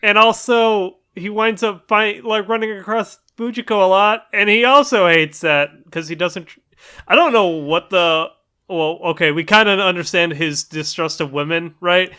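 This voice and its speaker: Man, podcast co-host, laid-back, rambling, smooth clear voice. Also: sits high, normal speed, sharp tone. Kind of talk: casual podcast chat.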